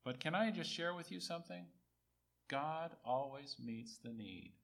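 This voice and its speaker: Emphatic preacher man with a lively voice. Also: measured pace. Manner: emphatic, repeats key phrases for emphasis; rises high and loud on quoted speech, drops low on asides. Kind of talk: sermon.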